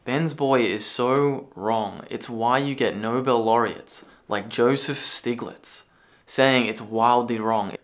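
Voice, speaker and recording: A man delivering a ranting commentary video, sarcastic and profane, now and then bursting into yelling. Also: medium pitch. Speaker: political commentary video creator.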